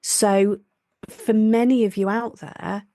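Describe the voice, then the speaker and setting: A woman's voice: mid-range voice, steady tone, slow pace, warm tone, dry recording. Chatty nurse lady on a podcast, dry close mic, easygoing. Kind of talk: casual chat.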